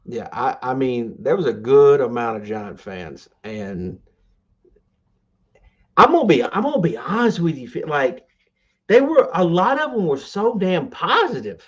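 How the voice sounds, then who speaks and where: A man's voice: mid-range voice, big pitch swings, measured pace, slightly rough, dull audio. A man co-hosting a sports podcast in casual chat, rambling and enthusiastic, full of fillers and restarts. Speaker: podcast co-host.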